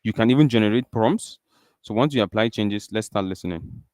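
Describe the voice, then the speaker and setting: A man from Nigeria with a Nigerian accent, presenting a live software demo in a casual, chatty way with plenty of fillers. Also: lowish voice, a little fast, dry recording, studio quality. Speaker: tech presenter.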